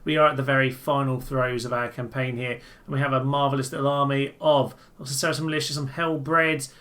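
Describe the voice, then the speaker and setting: A man's voice: medium pitch, little pitch movement, brisk, bright, forceful tone. A man giving enthusiastic, jokey and rambling commentary as he plays a strategy game. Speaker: let's-play host. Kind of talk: gameplay commentary.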